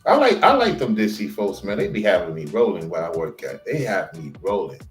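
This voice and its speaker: A man chatting casually in animated storytelling, jumping to quoted voices. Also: low-pitched, fairly quick, roomy sound, faint music behind. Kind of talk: casual chat.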